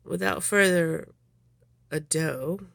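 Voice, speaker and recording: A woman's voice: sits low, slow, creaky, a bit bright, dry recording. A woman doing a casual questionnaire vlog, rambling with lots of ums and giggles, a little sniffly. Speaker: vlogger.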